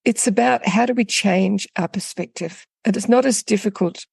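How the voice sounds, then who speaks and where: A woman coach speaking as an interview guest, thoughtful and unhurried, telling stories with small restarts. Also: mid-range voice, vocal fry, darkish tone, breathy edge, no room sound. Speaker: guest, coach for women in midlife. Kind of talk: reflective interview talk with storytelling.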